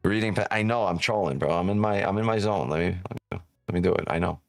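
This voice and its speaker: A man's voice: low-pitched, fast, gravelly, dry recording, clean studio sound, soft background music. A man hosting a live trading stream, joking and teasing viewers in casual, profane banter. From New York.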